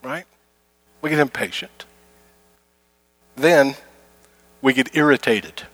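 A man's voice: mid-range voice, slow pace, fairly bright tone, dry recording. A middle-aged man preaching a conversational sermon to his congregation, repeating his key phrases and acting out everyday complaints. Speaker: pastor.

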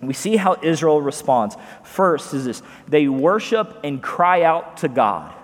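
A man preaching from the pulpit with a bright, high-pitched voice. His delivery is chatty and loose, full of asides, then he slows right down to hammer home a point. The sound rings with the long reverb of a church hall. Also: big pitch swings. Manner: conversational preaching with asides and emphatic slowed phrases. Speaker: pastor. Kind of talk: sermon.

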